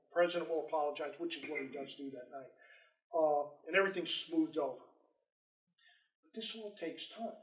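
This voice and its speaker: Man telling history in an echoey room. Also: a little high. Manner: animated, acts out quoted dialogue. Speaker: historian lecturer. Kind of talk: storytelling history lecture. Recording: roomy echo, distant mic.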